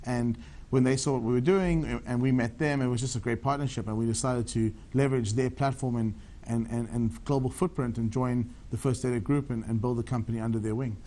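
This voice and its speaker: Guest: South African man in his thirties, rapid-fire and eager, answers ramble with restarts. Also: medium pitch, steady tone, dark tone. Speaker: tech entrepreneur guest. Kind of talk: TV business interview.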